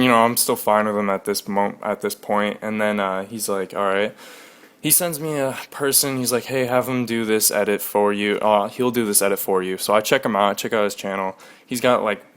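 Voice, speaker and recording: A man's voice: lowish voice, fairly bright tone, smooth. Aggrieved young man ranting. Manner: aggrieved, recounting a dispute with frequent profanity. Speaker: gaming clan leader. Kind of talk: casual screen-recorded rant.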